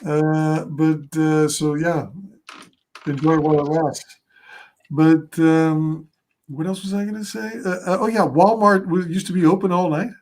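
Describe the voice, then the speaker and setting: A man with a fairly high voice hosts a relaxed podcast conversation. He asks questions and often pauses and restarts with fillers. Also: poor audio. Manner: hesitant, many fillers and restarts. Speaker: podcast host. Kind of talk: casual chat.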